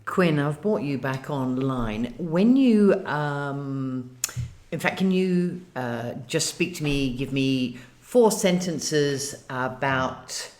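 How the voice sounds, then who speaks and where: Measured speaker, deliberate with pauses. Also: mid-range voice, expressive, a little mellow. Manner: measured and deliberate, many ums. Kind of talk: casual chat.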